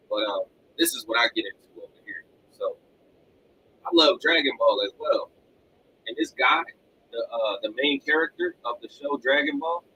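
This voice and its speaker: A lively, bright-voiced man with a mid-range voice hosts a motivational live-stream podcast, energetic, animated and repetitive. He's an adult with children, broadcasting from a home room with collectibles behind him. The audio is poor, with slight background noise.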